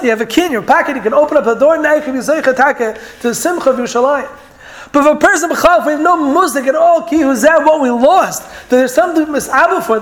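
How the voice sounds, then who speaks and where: A man giving an earnest Torah lecture in English, mixing in Hebrew and Yiddish terms as he tells stories and explains verses. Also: very high voice. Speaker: Torah teacher.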